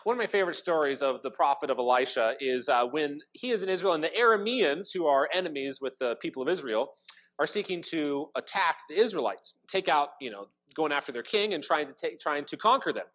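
Animated, chatty Bible storyteller. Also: medium pitch, brisk, low-quality recording. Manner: animated, chatty, acts out the characters. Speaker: preacher. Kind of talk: sermon, casual Bible storytelling.

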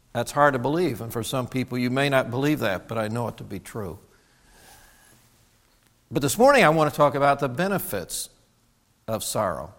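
A man's voice: mid-range voice, fairly bright tone. A middle-aged man preaching a sermon as pastor, earnest and personal, often restarting his sentences. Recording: long hall reverb.

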